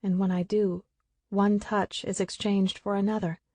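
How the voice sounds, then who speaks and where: A woman's voice: medium pitch, flat delivery, measured pace, warm tone, no room sound. A woman narrating a first-person audiobook with an emotional, tearful delivery.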